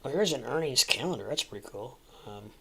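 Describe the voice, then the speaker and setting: A man at an average pitch hosts a casual crypto livestream. He rambles from one thought to the next, leaning on fillers and restarting his sentences. His asides are chatty and jokey. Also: lively intonation, fairly quick, vocal fry, husky, poor audio.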